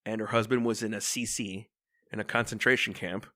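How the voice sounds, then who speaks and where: A man hosting a podcast, casually retelling a classic film in a rambling, animated way. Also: fairly low pitch, brisk, dry recording, clean studio sound. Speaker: podcast host. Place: room in Los Angeles.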